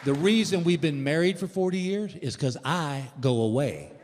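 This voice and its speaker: A man's voice: a little high, lively intonation, normal speed, noisy background. A man, telling stand-up stories in a folksy way and acting out both sides of the dialogue. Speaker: stand-up comedian. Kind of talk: stand-up comedy set. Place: large theater with audience. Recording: live theater hall with reverb.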